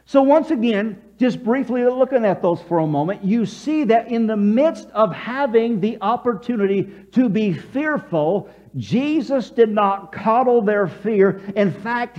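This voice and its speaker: A pastor preaching a sermon, telling the story with animated quotes and leading the congregation in repeating lines. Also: male voice, high voice, measured pace, hardly any pauses, highs cut off.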